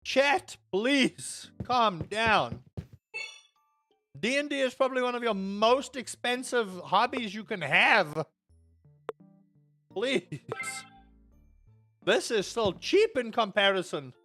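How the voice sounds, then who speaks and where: A man, chatting casually and rambling with animated grumbles while streaming a game. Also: high-pitched, slow, pauses often, soft background music. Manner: rambling, animated, lots of restarts and grumbling asides. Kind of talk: casual live-stream chat while playing.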